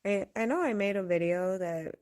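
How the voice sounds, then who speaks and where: A woman's voice: medium pitch, moderate pace, darkish tone. A woman vlogger ranting casually to camera, blunt and profane, rambling and laughing often.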